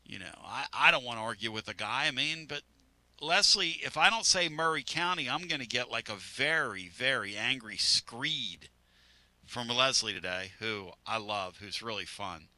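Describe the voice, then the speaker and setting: A man's voice: medium pitch, animated, moderate pace, sharp tone, dry recording. A man hosting sports talk radio in a studio, rambling and joking.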